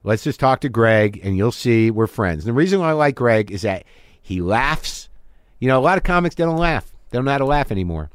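A man's voice: mid-range voice, lively intonation, a little fast, clear, resonant tone, dry recording. A man hosting a podcast, talking candidly and profanely, mocking himself and acting out both sides of imagined spats. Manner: self-deprecating, profane, acts out both sides of imagined arguments. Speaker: podcast host. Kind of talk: candid monologue and chat. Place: home studio.

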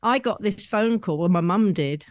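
A woman, a guest telling rambling stories about her past with soft laughs. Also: mid-range voice, normal speed, no echo, studio quality. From London, England. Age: 70s. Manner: chatty, rambling storyteller with frequent soft laughs. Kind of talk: conversational anecdotes.

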